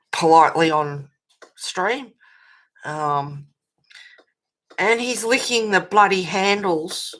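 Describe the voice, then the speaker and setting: A woman's voice: sits low, a bit bright. An Australian woman chatting bluntly while colouring on a livestream, ranting and swearing freely and reacting to chat messages.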